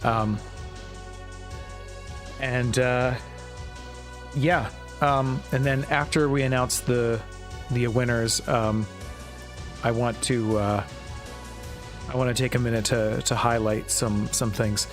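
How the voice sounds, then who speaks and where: A man's voice: mid-range voice, fairly even intonation, slow, long pauses, soft background music. A man hosting a livestream to announce contest winners, hesitant and self-conscious, with lots of ums. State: nervous, dry mouth. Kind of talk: casual livestream chat.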